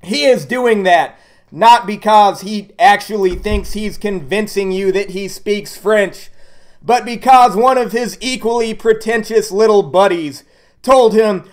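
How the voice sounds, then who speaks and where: Sarcastic high-voiced man ranting. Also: unhurried. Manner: sarcastic, blunt. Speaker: YouTube commentator. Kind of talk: ranting video commentary.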